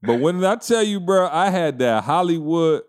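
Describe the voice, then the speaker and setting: A man co-hosting a casual podcast, telling a funny story with a lot of slang. His voice sits fairly high and swings up and down all over the place. He laughs often as he talks. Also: animated, normal speed. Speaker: podcast co-host.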